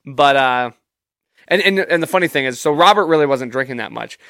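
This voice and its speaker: A man's voice: medium pitch, animated, fairly quick, a bit bright, no echo, clean studio sound. A young man telling a rambling, profane story in a casual, self-amused way.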